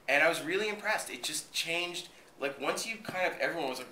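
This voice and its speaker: Animated boston guy telling set stories, swears a lot, does other people's lines, sounds kinda far from the mic. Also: a little high, fast, hardly any pauses, a little hiss or hum. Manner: animated, profane, acts out what others said. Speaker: actor being interviewed. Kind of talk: casual interview storytelling. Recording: roomy echo, voice from a distance.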